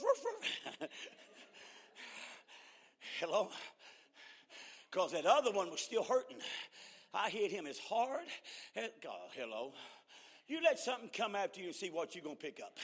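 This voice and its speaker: A man preaches at a revival, his voice high and bright and ringing through a long church reverb. He spins folksy stories, chuckles along the way, and builds to shouted exhortations. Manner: storytelling with laughs, rising to shouted exhortation. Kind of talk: revival sermon.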